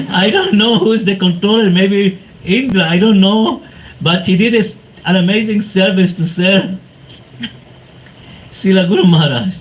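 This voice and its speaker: Animated man telling stories to devotees. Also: fairly high pitch, lo-fi sound, a little hiss or hum. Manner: animated storyteller, acts out quoted voices, laughs often. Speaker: devotee speaker. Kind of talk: storytelling talk to a congregation.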